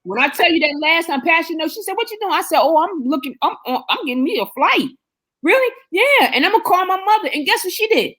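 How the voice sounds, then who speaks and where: High-voiced animated woman telling stories. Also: fast, few pauses. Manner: animated storyteller, slangy. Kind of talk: casual chat.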